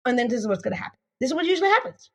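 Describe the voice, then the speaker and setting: A woman's voice: on the high side, very animated, rapid-fire. A woman dating coach on an interview show, teaching emphatically through acted-out stories, repeating herself and swearing casually. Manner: emphatic, repeats herself, acts out quoted voices.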